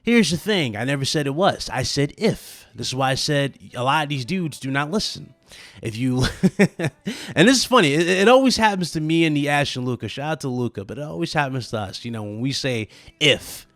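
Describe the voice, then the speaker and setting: Male gaming vlogger, casual animated delivery, mid-range voice, dry unreverberant recording. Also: medium pitch, a little fast, no echo. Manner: animated, conversational, lots of fillers and asides. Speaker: gaming channel host. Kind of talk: casual gaming commentary vlog.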